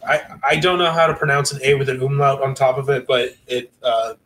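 Bright-voiced hesitant male co-host, faint noise. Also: medium pitch, steady tone, fairly quick, low-quality recording. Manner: hesitant, full of restarts and fillers. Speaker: podcast co-host. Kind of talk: casual chat.

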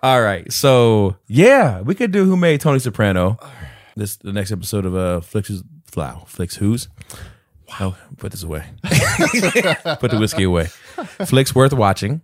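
A man with a low, deep voice co-hosts a casual movie podcast, his delivery swinging widely in pitch. He talks loose and profane, laughing often and a little tipsy. The sound is dry and close. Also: very animated, normal speed, no room sound. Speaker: podcast co-host.

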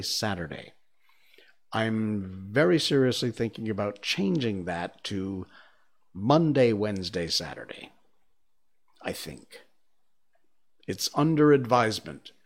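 Man, book reading on stream, slow pace, very lively pitch, chatty. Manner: lively, expressive, chatty with fillers. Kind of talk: read-aloud narration and casual stream chat.

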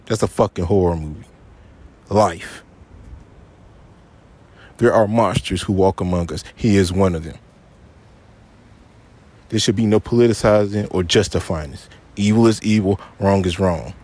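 This podcast host's voice is deep, a little mellow and breathy, delivered unhurriedly with long pauses. Alone on the mic, he rants angrily and profanely, frustrated and upset, hammering his points by repeating them.

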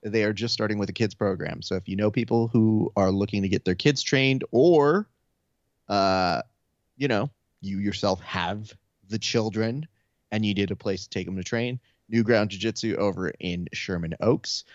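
A man's voice: fairly low pitch, normal speed, no echo, highs cut off. A man co-hosting a podcast, telling loose, profane stories and acting out the voices of people he quotes. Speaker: podcast co-host. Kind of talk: casual chat.

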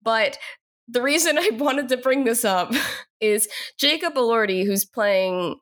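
A woman's voice: on the high side, a little slow, fairly bright tone. A young woman co-hosting a podcast in casual chat, laughing often and talking with fillers. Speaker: podcast co-host.

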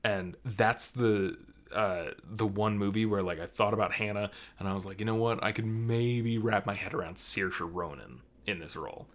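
A young man co-hosting a casual podcast, rambling and animated, full of fillers and restarts. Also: on the low side, normal speed. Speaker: podcast co-host.

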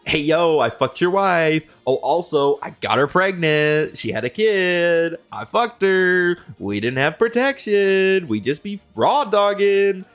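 A man's voice: high voice, very animated, slow pace, hardly any pauses, a bit bright, faint music behind, voice pushed up, full character voice. A man doing a smug, bragging trickster god. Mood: boastful. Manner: casual crude bragging.

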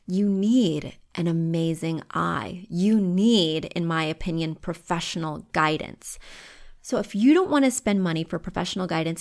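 A woman hosting a home-decor advice podcast from home, chatty and emphatic with firm opinions. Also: mid-range voice. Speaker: podcast host.

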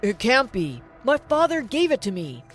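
A woman's voice: a little high, wildly swooping pitch, normal speed, soft background music. A woman doing a distraught father. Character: distraught middle-aged father.

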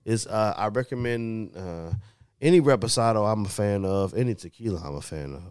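A man co-hosting a beer podcast, talking in relaxed, blunt casual chat and plugging events. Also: on the low side, fairly quick, smooth, no room sound. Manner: relaxed, blunt, promo-style wrap-up. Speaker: podcast co-host.

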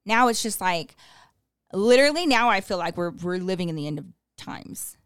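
A woman's voice: medium pitch, lively intonation, normal speed, clean tone, no room sound, studio quality. A woman in her thirties co-hosting a podcast, talking in a wry, blunt way with plenty of swearing. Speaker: podcast co-host. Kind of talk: casual chat.

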